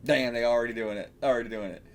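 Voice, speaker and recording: A man's voice: medium pitch, fairly even intonation, fast. A man reacting to a manga, rambling casually, swearing and laughing as he reads.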